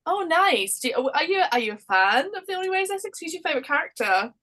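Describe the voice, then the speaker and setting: A woman's voice: very high-pitched, big pitch swings, fast talker, pushed and bright. A woman co-hosting a podcast, casual, playful and giggly. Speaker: podcast co-host.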